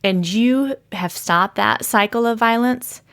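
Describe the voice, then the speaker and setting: Calm, earnest woman hosting a podcast. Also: fairly high pitch, takes it slowly. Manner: calm, earnest, invites reflection with questions. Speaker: podcast host, leadership coach. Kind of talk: solo podcast monologue.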